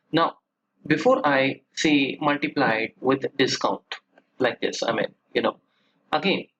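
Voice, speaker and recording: A man teaching a software tutorial over a screen recording, chatty and explanatory, often checking in with "right?" and stressing points with rising emphasis. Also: medium pitch, husky, low-quality recording. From India. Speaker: software trainer.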